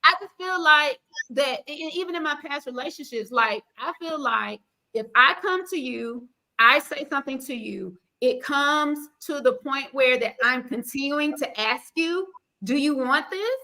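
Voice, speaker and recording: Bright high-voiced sassy woman host. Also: moderate pace. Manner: animated, sassy, preachy asides. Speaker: podcast host. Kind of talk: casual panel chat.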